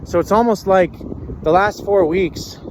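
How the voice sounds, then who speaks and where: Male vlogger, fairly high voice, earnest, halting delivery, outdoors on foot. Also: noisy background. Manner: earnest, halting, searching for words. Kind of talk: reflective personal talk. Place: outdoors, walking in the sunshine.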